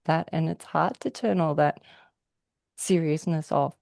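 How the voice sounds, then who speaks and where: Aussie lady chatting on a video call, gravelly low-ish voice, laughs a lot, does all the voices in her stories. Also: a little slow, a little mellow, dry recording, clean studio sound. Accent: Australian. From Australia. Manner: laughs often, acts out quoted voices. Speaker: guest. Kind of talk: casual storytelling chat.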